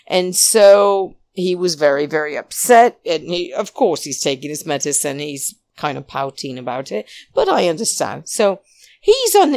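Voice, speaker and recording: A chatty woman, talking casually and laughing as she gives frank opinions. Her voice sits a little low, and the recording is dry and close, with no room sound. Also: no room sound. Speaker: podcast host. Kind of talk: casual reality-show recap.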